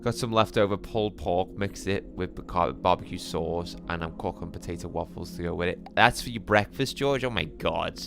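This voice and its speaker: A man's voice: low-pitched, moderate pace, vocal fry, hardly any pauses, over music. A man from Liverpool with a Scouse accent, chatting casually on a live gaming stream, answering viewers and swearing now and then. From Liverpool, England. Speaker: gaming livestreamer.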